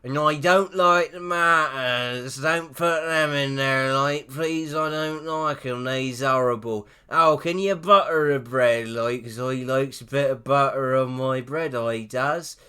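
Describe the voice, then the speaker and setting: A man voicing a fussy rural English country man ordering food, loud and drawling with broken grammar. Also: medium pitch, slow pace, few pauses, smooth. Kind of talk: comic impression in casual chat.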